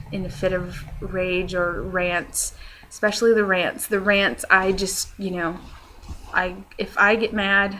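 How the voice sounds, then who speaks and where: A woman's voice: mid-range voice, pushed and bright, slight background noise, rough recording. A young woman chatting casually in a vlog, rambling with lots of fillers and poking fun at herself. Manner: self-deprecating. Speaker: vlogger. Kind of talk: casual chat.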